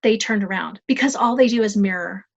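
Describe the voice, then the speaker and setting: Woman, podcast guest, self-deprecating humor, lively storytelling, slightly muffled lo-fi sound. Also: medium pitch, brisk, creaky. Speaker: guest, life coach.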